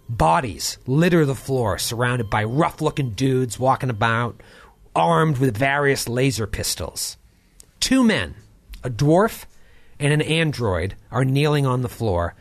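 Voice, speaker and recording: A man running a science fiction tabletop game as game master, narrating scenes dramatically and dropping low for the tense moments.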